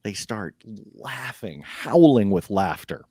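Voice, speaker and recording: A man narrating as game master in a tabletop game, describing scenes in an unhurried way with frequent fillers. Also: fairly low pitch, very animated, warm tone, breathy edge, no echo.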